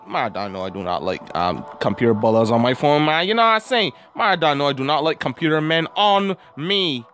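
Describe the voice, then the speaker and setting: A man hosting a gaming video who has a cold, giving casual gameplay commentary and yelling and groaning at the game. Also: mid-range voice, normal speed, a little hiss or hum. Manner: excitable, yells and groans at the game. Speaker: gaming channel host.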